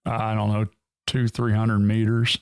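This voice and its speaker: A man's voice: lowish voice, monotone, a little slow, darkish tone, clear, resonant tone, dry recording, studio quality. A man as a podcast guest, an army veteran casually recalling barracks life and agreeing easily. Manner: easygoing, lots of agreeing yeahs. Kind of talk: casual chat, reminiscing.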